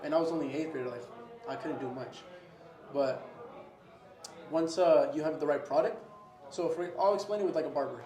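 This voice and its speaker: A young man talks fast in a casual interview, his voice sitting a bit high for a man. He keeps saying "bro" and acts out chats with his restaurant's guests. The room around him is echoey. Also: crowd noise. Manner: animated, says "bro" often, acts out customer exchanges. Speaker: restaurant owner.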